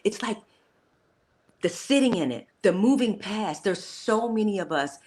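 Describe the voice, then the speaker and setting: A woman's voice: medium pitch, lively intonation, measured pace, a little mellow. Emphatic, encouraging woman podcast host. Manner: emphatic, encouraging, preacherly asides. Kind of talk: casual faith-based interview.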